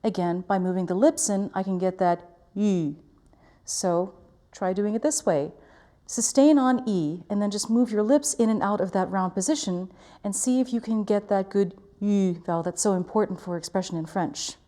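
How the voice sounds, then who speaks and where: Woman voice teacher, warm mellow tone, careful precise articulation. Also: mid-range voice, moderate pace. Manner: clear, careful articulation, demonstrating vowels. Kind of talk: diction lesson.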